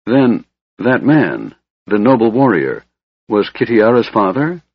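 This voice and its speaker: A man's voice: on the low side, big pitch swings, slow, dry recording, voice pushed up, exaggerated voice. A man voicing an earnest young elf woman who presses with pleading questions, on a dull lo-fi recording.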